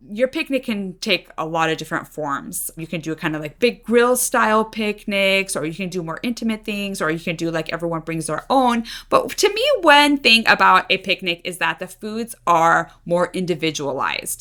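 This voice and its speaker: A woman's voice: mid-range voice, animated, moderate pace, hardly any pauses, bright, forceful tone. A woman co-hosting a food podcast in easygoing casual chat, full of "like" fillers. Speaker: podcast co-host.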